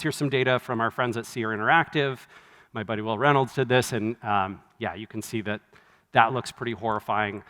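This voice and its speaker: A man giving a live conference keynote, conversational and wry, with quick asides and self-corrections. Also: mid-range voice, a bit bright. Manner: wry, laughs at his own jokes. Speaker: conference speaker. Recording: long hall reverb from a live venue.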